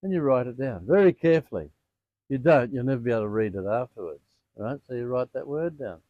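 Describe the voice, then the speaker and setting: An older man who owns a sound healing center, telling animated stories in an interview. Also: medium pitch, fast, no echo, phone-quality sound. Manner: animated anecdotes with quoted dialogue. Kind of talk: storytelling in an interview.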